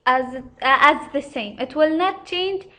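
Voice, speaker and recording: Slow, high-voiced woman teaching grammar. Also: sharp tone. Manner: careful, repetitive, pauses often with uh. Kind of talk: slow explanatory lesson.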